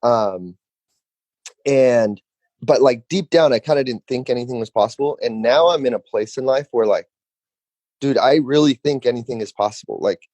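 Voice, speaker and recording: A man's voice: mid-range voice, normal speed, dark tone, dry recording. A man hosting a podcast in a casual, reflective way, filling his talk with "like" and "dude". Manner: laid-back, says "like" constantly, reflective. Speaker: podcast host.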